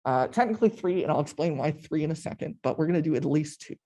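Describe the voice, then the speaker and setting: Young guy walking thru code in a workshop, bouncy up and down voice, kinda husky, chill and chatty. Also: fairly high pitch, animated, fast, warm tone. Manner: explains step by step, casual and chatty. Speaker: workshop instructor. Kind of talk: live coding tutorial.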